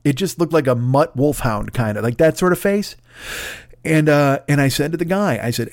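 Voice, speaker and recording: A man's voice: on the high side, normal speed, dry recording, studio quality. A middle-aged man hosting a podcast, telling profane, ranting stories in a solo comedic monologue. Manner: profane, ranting, animated storytelling. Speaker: podcast host.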